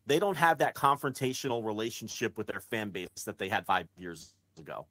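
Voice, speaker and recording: A man's voice: medium pitch, no room sound. Blunt, swearing male podcast co-host. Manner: blunt, swears, animated when mocking fans. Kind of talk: casual wrestling podcast chat.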